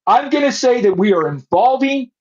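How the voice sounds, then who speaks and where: A middle-aged man hosting a podcast in casual chat, excitable and stumbling over repeated words. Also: extremely high pitch, normal speed. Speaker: podcast host. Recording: muffled lo-fi phone audio.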